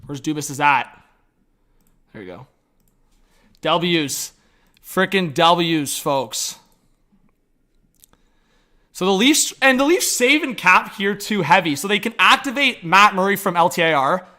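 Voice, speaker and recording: A young man reacts live on stream, excitable and full of slang, and keeps calling out to his chat. His voice sits high and sounds bright and edgy, with big jumps in energy. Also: slow, pauses often. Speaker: livestream hockey commentator.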